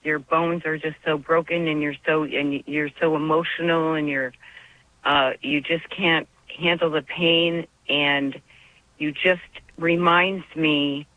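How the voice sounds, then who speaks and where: A woman's voice: low voice, fairly even intonation, slow. A woman calling in to a radio show, talking in an earnest, emotional, devout way. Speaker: caller. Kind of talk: call-in radio conversation. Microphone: phone. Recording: dull dry phone line.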